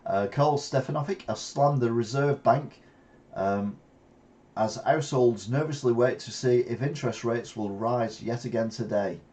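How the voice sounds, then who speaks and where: A man's voice: medium pitch, measured pace, darkish tone. An older man, chatting through news stories in a rambling way with wry asides. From England. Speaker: channel host. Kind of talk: casual news commentary.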